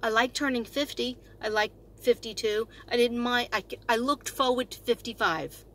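A woman's voice: on the high side, steady tone, moderate pace, a bit bright, a little hiss or hum. A woman in her fifties, a retired teacher, chatting in a rambling, bubbly way on her astrology vlog, laughing often. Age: 50s. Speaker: astrology vlogger.

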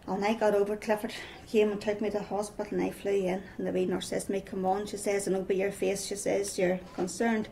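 Middle-aged Northern Irish woman, testimony storyteller, gravelly and dark-toned, faint hiss behind. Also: mid-range voice, little pitch movement, a little fast, hardly any pauses, rough recording. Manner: storytelling with repeated "I says". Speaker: speaker giving a personal testimony. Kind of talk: personal testimony.

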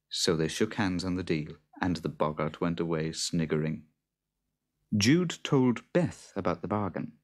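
A storyteller reading a folk tale aloud in an expressive, dramatic manner. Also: low-pitched, measured pace.

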